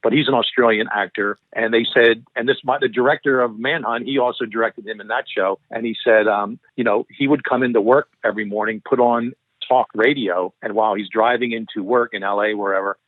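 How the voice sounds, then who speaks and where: Rambling through long anecdotes, this interview guest often restarts and corrects himself mid-sentence; he's a middle-aged former FBI profiler with a Philadelphia accent. His mid-range voice is fairly even in intonation and a little fast, with hardly any pauses. The sound is tinny phone-line audio, dry with no room sound.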